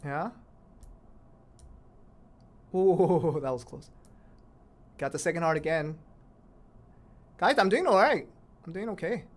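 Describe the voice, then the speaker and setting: A woman's voice: on the low side, expressive, slow pace, pauses often. A woman streaming a mobile game, chatting casually to viewers and exclaiming at near misses. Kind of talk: casual live-stream commentary while playing.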